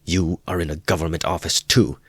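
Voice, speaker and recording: A man's voice: sits low, moderate pace, bright, forceful tone, dry recording. A man doing a feverish, defiant young student. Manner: faltering, then defiant.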